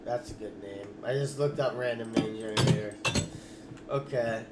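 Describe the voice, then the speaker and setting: Casual gaming man, echoey room, loud music. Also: lowish voice, moderate pace. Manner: casual, swears when frustrated, apologetic. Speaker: Minecraft server host. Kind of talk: casual gameplay building commentary.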